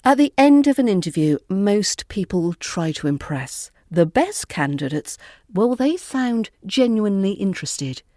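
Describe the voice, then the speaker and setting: A woman with a British RP accent teaches pronunciation in an unhurried, warm, mellow tone. She models each word carefully and repeats it. The sound is dry and close, with no room around it. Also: medium pitch, no echo. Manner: calm, deliberate, models words slowly and repeats them. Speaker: accent coach. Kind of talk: pronunciation lesson.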